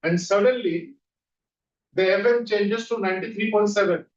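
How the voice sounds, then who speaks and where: A man leading a guided visualization exercise as a trainer, coaching with quick repeated questions. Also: sits high. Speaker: NLP trainer. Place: training room. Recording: dull echoey room audio from far off.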